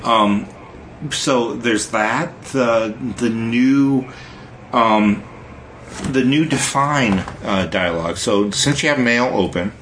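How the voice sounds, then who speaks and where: A man co-hosting a casual tech podcast, unhurried and hesitant, with many ums and restarts as he explains features. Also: mid-range voice, a bit bright, slight background noise. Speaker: podcast co-host.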